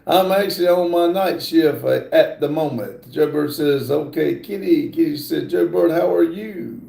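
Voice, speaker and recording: A middle-aged man, hosting a casual livestream and slowly reading viewer comments aloud with many fillers. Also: on the high side, vocal fry, dark tone, reverberant. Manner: slow, drawling, reads chat aloud with many fillers. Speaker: livestream host.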